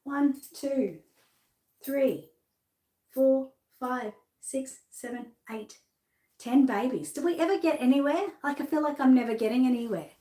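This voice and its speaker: A middle-aged Australian woman with a high, mellow voice, speaking a little slowly, shows off dolls for sale. She's bubbly and chatty, often laughing at herself, in what sounds like a live sales showcase with a roomy echo.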